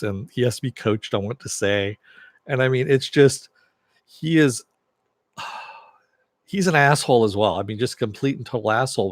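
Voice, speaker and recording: A man with a fairly low voice talks through an episode recap in a loose, chatty way. He fills pauses often and chuckles as he retells the scenes. The sound is dry, with no room around it. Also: dry recording. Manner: chatty, many fillers, chuckles while retelling. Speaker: TV series reviewer.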